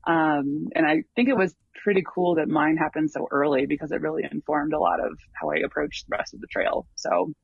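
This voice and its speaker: A man with a fairly high voice talks through his long hike at an easy pace, often stalling on ums and starting his sentences over. The sound is dull and lo-fi, close and dry, with no room around it. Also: a little fast, vocal fry, hardly any pauses, breathy edge, dry recording. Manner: rambling, full of ums and restarts. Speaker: long-distance hiker guest. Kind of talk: casual interview storytelling.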